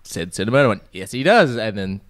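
A man co-hosting a casual film podcast, talking haltingly with restarts and laughs. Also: fairly low pitch, very animated, no room sound, studio quality. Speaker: podcast co-host.

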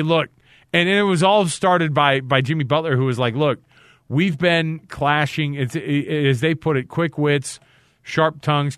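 A man's voice: mid-range voice, fairly bright tone, smooth, no echo, clean studio sound. A man hosting a casual sports talk show, rambling a bit and retelling what players said. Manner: rambling, restarts and quotes players. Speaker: sports radio host.

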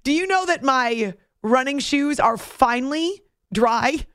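Woman, sports radio host, higher voice, dry studio mic, playful, teasing, sleep-deprived. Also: expressive, unhurried, fairly bright tone, dry recording. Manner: playful, laughs often, teasing. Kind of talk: late-night radio chat.

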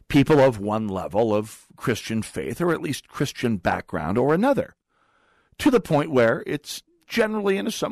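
A male talk radio host holds forth in a sardonic, rambling monologue full of wry asides. His pitch swings widely as he speaks. The studio sound is dry and close. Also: darkish tone, no echo. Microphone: studio microphone.

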